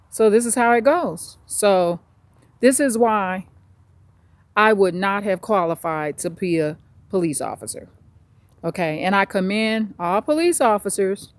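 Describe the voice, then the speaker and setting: A woman's voice: medium pitch, no room sound. A woman vlogging on a walk outdoors, ranting bluntly with plenty of cursing. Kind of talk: casual vlog monologue.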